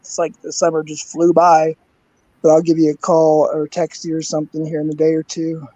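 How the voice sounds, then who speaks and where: High-voiced older man with a dry sound. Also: monotone, brisk, dark tone, no room sound, highs cut off. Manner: easygoing, greets chatters by name, chuckles often. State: losing his voice. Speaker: co-host. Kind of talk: casual livestream chat.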